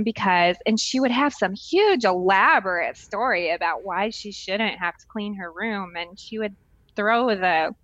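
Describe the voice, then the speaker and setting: A woman's voice: mid-range voice, normal speed, dry recording, lo-fi sound. A woman in her forties co-hosting a podcast, telling family stories in casual chat and acting out the voices in them. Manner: animated storyteller, acts out quoted voices. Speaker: podcast co-host.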